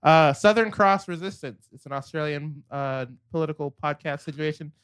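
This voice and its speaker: A young man chatting casually as a podcast co-host, his voice sitting a little high. He is easygoing and agreeable, dropping into half-finished starts. The sound is close and dry with no room around it. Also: moderate pace, fairly bright tone, smooth, no echo. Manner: laid-back, agreeable, lots of "yeah" and trailing starts. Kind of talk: casual chat.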